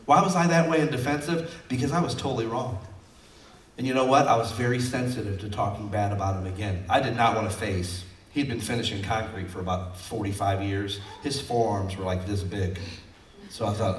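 A mid-range-voiced pastor talks a little fast through a folksy sermon in a church sanctuary, pairing scripture with personal stories. He's far from the mic, with a roomy sound and a little hiss or hum.

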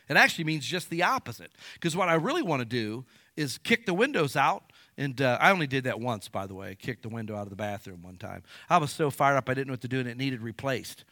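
Bright-voiced animated male preacher. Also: mid-range voice, brisk, hardly any pauses, no echo. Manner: animated preaching, rhetorical questions, acted-out asides. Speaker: pastor. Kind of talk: sermon.

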